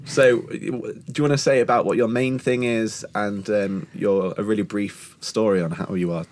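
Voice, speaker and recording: A man's voice: fairly low pitch, steady tone, darkish tone, slight background noise. A man hosting a casual podcast, chatty and encouraging, chipping in often with questions. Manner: chatty, encouraging, quick to chip in. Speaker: podcast host. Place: outdoors-adjacent room in Germany, vehicles passing.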